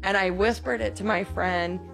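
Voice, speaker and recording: A woman's voice: medium pitch, fairly even intonation, normal speed, gravelly, fairly bright tone, soft background music. Laughing woman telling a story. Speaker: podcast co-host. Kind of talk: casual chat.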